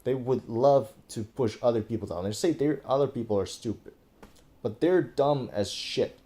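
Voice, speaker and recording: The clip features a male political commentator from Thailand, talking indoors over a screen recording. He sounds warm and mid-range, moving at a moderate pace through casual, exasperated, profanity-laced remarks full of fillers and restarts.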